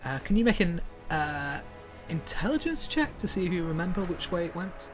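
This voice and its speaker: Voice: medium pitch, big pitch swings, normal speed. A game master narrates a tabletop game, trailing off often and filling gaps with uhs. The voice rises and falls a lot. Faint music plays under the talk. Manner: rambling, lots of uhs, laughs easily.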